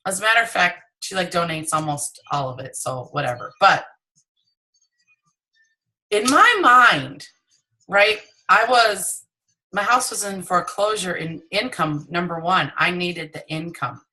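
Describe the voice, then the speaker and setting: A middle-aged woman giving a motivational sales training talk, animated and acting out conversations, recorded on a phone. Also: measured pace, poor audio. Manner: animated, acts out dialogue with high excited voices. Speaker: direct sales team leader.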